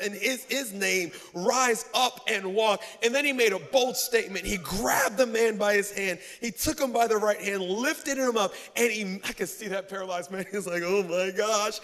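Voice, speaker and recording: A man's voice: high voice, moderate pace, few pauses, sharp tone. A man preaching a sermon, telling a story with self-mocking humor and acting out voices. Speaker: pastor. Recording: long hall reverb.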